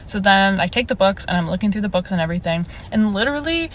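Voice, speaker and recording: A woman's voice: mid-range voice, lively intonation, fast talker, a little hiss or hum. Exasperated young woman telling a storytime. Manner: exasperated, incredulous, laughing through the story. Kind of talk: casual storytime.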